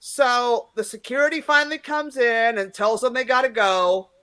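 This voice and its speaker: A woman comedian in her fifties, guesting in a casual interview, tells stories in a brash, profane way and loudly acts out what people said. Her voice is fairly high-pitched, steady in tone, smooth and moderately paced.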